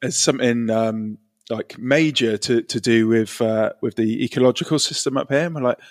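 A British man in his forties co-hosting a podcast, telling stories in an easy, relaxed way with ums and laughs. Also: mid-range voice, normal speed. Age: 40s. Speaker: podcast co-host. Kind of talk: casual chat.

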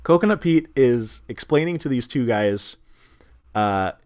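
Man animatedly recapping a movie. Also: mid-range voice. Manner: animated retelling, slipping into quick voices for characters. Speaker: podcast co-host recapping a film. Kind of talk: casual comedic chat.

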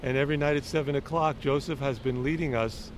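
A man's voice: mid-range voice, fairly even intonation, fast, slight background noise. A man interviewing neighbors on a city street, friendly, chatty and encouraging.

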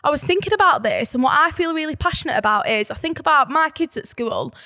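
Northern English woman, animated podcast co-host, high bright voice, passionate teacher talk. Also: fast. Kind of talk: casual podcast chat.

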